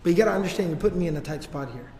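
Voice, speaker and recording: A patient, firm leader talking an old friend down in a soft, reasoning tone, as a teacher acts him out. The voice sits high and echoes through a large hall. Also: male voice, expressive, rapid-fire. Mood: calm. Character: calm male community leader, patient and firm.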